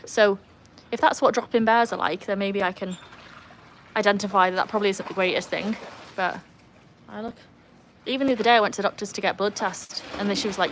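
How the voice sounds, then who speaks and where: A woman's voice: medium pitch, steady tone, quick pace, a bit bright, slight background noise. A woman chatting casually on a livestream, rambling on tangents and reading out viewer comments. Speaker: livestream host.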